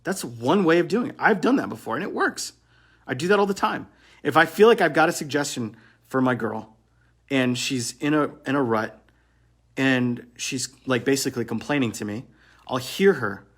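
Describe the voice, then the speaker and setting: A man's voice: medium pitch, lively intonation, moderate pace, fairly bright tone, slightly rough. A man coaching other men on relationships in a blunt motivational monologue, swearing and repeating phrases for emphasis.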